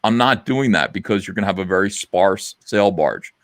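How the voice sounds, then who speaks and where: A man's voice: low voice, lively intonation, normal speed, a bit bright, no room sound, clean studio sound. A middle-aged man hosting a casual livestream chat, rambling and blunt with lots of fillers. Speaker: livestream host.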